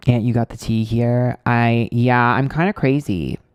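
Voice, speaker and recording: A man's voice: medium pitch, a little slow, smooth, no echo. A man reading tarot on a live stream, chatting casually, blunt and candid, ranting with swearing and lots of fillers.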